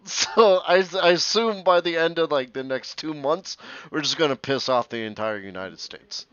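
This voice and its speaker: A man's voice: fairly high pitch, lively intonation, moderate pace, fairly bright tone, clean tone, dry recording. A man co-hosting a podcast in casual banter. He is sarcastic, swears and laughs often. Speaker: podcast co-host. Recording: dull, dry close mic.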